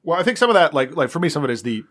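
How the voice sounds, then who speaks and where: A man's voice: fairly high pitch, very animated, racing, fairly bright tone. A man co-hosting a podcast, explaining his points in a laid-back way in casual chat. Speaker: podcast co-host.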